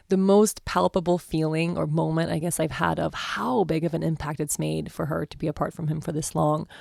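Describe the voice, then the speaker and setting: A woman in her thirties chatting casually on a vlog, telling a warm family story in a gushing way full of "like" and "I mean". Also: lowish voice, gravelly, dry recording, clean studio sound. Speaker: vlogger.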